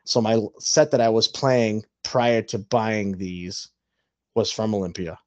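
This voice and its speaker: A man hosting a podcast, telling an animated, casual story in which he acts out both sides of an argument. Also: lowish voice, unhurried, dry recording. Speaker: podcast host.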